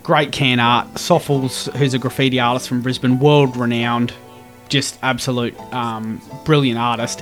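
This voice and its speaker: A man with an Australian accent, a podcast co-host telling a long story in casual chat with mates, swearing freely. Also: mid-range voice.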